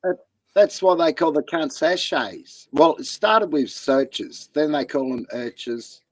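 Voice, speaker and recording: A man's voice: a little high, animated, takes it slowly, no room sound. A man in casual, laid-back chat, swearing easily.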